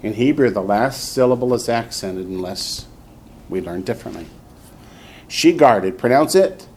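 A man's voice: mid-range voice, lively intonation, a little slow, a little mellow, a little hiss or hum. A man teaching a classroom lesson, patiently drilling students and repeating each word for them to copy. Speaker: Hebrew teacher. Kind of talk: classroom instruction.

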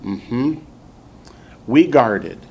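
A man's voice: mid-range voice, lively intonation, very slow, vocal fry, darkish tone. A man teaching a classroom lesson, patiently drilling students and repeating each word for them to copy. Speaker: Hebrew teacher. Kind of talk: classroom instruction.

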